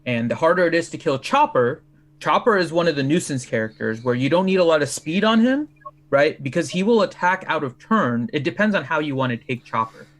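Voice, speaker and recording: Explanatory man, slightly high voice. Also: very animated, a little fast, fairly bright tone. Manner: explanatory, talks through strategy. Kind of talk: casual gaming stream chat.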